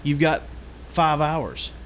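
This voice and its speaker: A man's voice: on the high side, expressive, takes it slowly, fairly bright tone, a little hiss or hum. A man hosting a podcast in casual chat, joking around and rattling off show plugs. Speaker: podcast host.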